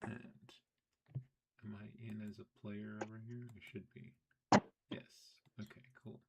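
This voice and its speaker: A man with a low voice is running a tabletop game. He talks casually and easily with his players before the session begins. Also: level tone, unhurried, heavy background noise. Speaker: game master.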